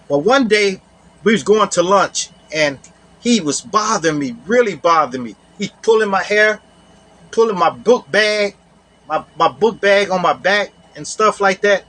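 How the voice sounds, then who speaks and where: A man's voice: high voice, a bit bright. A man casually telling a personal story to camera. He often repeats his phrases and adds "you know.".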